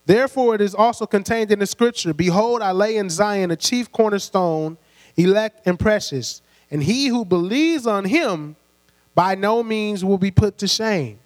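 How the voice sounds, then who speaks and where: At a moderate pace, a high-voiced man preaches a sermon in a conversational style, prompting the congregation with call-and-response and slipping light laughs between points. Long hall reverb surrounds his voice, with a steady mains hum underneath.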